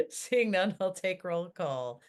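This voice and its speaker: A woman chairing a town planning board meeting, brisk and friendly as she moves through the agenda. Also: on the low side. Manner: brisk, friendly, laughs easily.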